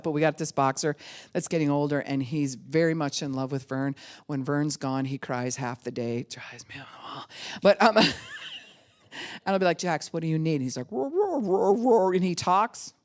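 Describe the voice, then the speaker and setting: Middle-aged woman pastor, animated sermon storytelling. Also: low voice, normal speed. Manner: animated storytelling, acts out voices of babies and dogs. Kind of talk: sermon teaching.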